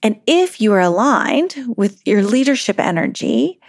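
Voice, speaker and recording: A woman's voice: mid-range voice, big pitch swings, a little slow, no room sound, studio quality. A woman parenting coach talking in a conversational solo podcast monologue, often laughing and acting out a parent's inner thoughts.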